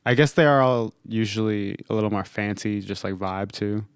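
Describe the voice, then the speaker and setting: A man's voice: lowish voice, normal speed, smooth, dry recording, clean studio sound. A man in his twenties co-hosting a podcast, laid-back and slangy, often giving short replies. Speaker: podcast co-host. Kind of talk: casual podcast chat.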